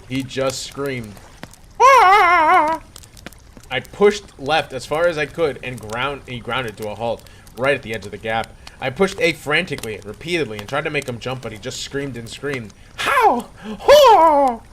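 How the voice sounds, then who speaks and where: A man's voice: mid-range voice, normal speed, fairly bright tone, a little hiss or hum. A man reading a horror story aloud in a playful, mock-dramatic way. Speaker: creepypasta reader.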